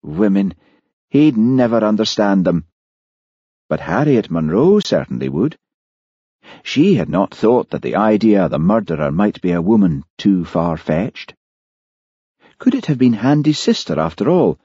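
A man giving scripted narration of an audiobook in a measured storytelling manner. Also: lowish voice, very animated, mellow, slightly rough, no room sound. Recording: dull lo-fi audiobook recording.

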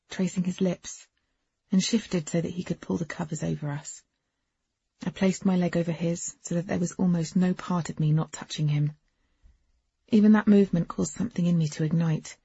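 A woman reads a first-person novel with intimate, wry storytelling. Her voice is dark, gravelly and very husky. It sits in a dull, dry lo-fi recording. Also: lowish voice, dry recording. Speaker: audiobook narrator.

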